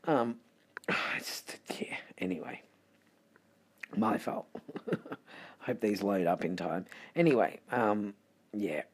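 Slow, husky Australian tarot reader. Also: deep voice, expressive. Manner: chatty and rambling, with muttered asides. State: sleepy, late at night. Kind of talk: casual tarot reading.

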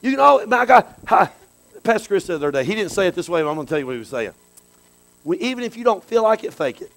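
A man preaching a sermon in a conversational way, dropping to low asides and then bursting into loud exclamations. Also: very animated, quick pace, rough recording. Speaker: pastor.

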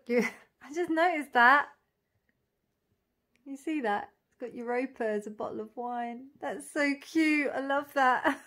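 A woman walking through an oracle deck card by card, calling out each name and meaning with soft, gushing admiration. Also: fairly high pitch. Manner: dreamy, admiring, lingers on single words; soft laughs and gushing asides. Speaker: tarot reader reviewing an oracle deck. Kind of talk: casual unboxing walk-through.

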